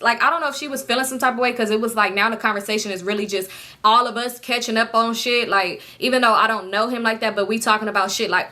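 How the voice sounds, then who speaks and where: Casting: rapid-fire woman in her late twenties, sharp bright voice, blunt and profane storyteller. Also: on the high side. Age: late 20s. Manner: blunt, profane, animated, joking asides. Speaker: storytime vlogger. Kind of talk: casual storytelling.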